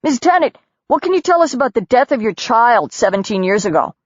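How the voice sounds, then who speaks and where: A woman's voice: a little high, big pitch swings, a little fast, dry recording, pitched above the performer's own voice. A pushy male tabloid reporter, read by a woman narrator presses his questions in a raised, insistent voice. The audiobook sound is dry and a little muffled. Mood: prying. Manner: persistent, prying questions.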